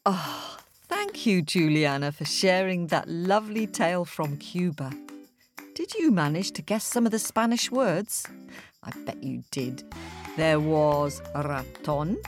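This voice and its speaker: A woman's voice: fairly low pitch, animated, a little slow, faint music behind. A woman hosting a children's podcast, asking the listeners questions. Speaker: podcast host.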